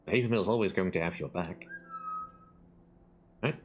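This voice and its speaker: A man's voice: sits low, normal speed, highs cut off, slight background noise, lightly acted. A man reading aloud the lines of a grateful, friendly village leader from a game, in an earnest, encouraging way.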